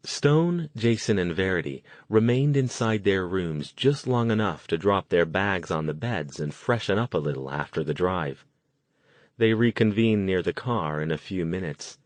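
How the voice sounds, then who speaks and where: A man narrating an audiobook with a steady, even delivery. His voice is very deep and recorded dry and close, with no room sound. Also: measured pace, no echo. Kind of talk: scripted narration.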